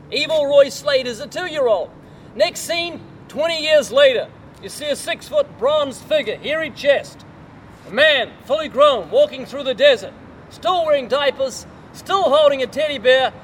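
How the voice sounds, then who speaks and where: A man's voice: extremely high pitch, a little hiss or hum. An older man preaching a sermon, telling a story and putting rhetorical questions to the listener.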